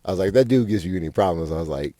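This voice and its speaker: A man's voice: low-pitched, expressive, racing, dark tone, no room sound, studio quality. A young man, a podcast host telling a rambling, profane story with lots of fillers. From Fort Worth, Texas. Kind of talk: casual storytelling monologue.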